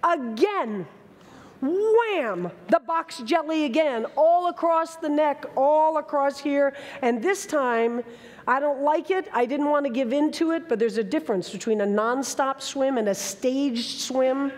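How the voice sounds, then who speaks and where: High-voiced woman in her sixties, dramatic storyteller. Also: measured pace, darkish tone, in a large hall. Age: 60s. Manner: dramatic, vivid storytelling with emphatic bursts. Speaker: speaker. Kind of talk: storytelling talk on stage. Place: large hall with an audience.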